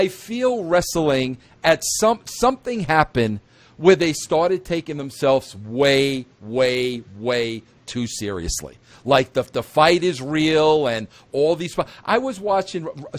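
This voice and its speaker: A man hosting an interview, talking in an emphatic, repetitive way that climbs into excited outbursts. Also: on the high side. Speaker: interview host. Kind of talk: opinionated wrestling talk.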